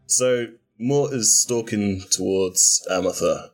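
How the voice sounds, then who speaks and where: Low-voiced man narrating a game turn. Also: takes it slowly, soft background music. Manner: casual, uses "like". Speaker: player.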